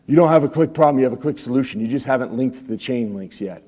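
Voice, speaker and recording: Slangy motivational speaker in a reverberant hall. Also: male voice, mid-range voice, expressive, fast, darkish tone. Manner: casual slangy, quizzes the audience. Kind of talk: motivational talk to students. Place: school room with students.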